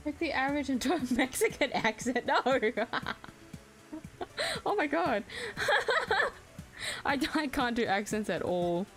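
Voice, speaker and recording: A woman's voice: high-pitched, sing-song, slow, pauses often, a bit bright, soft background music. A young Australian woman chatting and giggling through a game playthrough, reading the characters' lines aloud. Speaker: streamer.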